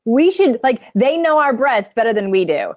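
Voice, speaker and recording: A woman's voice: a little high, expressive, moderate pace, darkish tone, no echo. Blunt woman, dull dry recording. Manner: candid, blunt, joking. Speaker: breast cancer survivor guest. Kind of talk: casual panel chat.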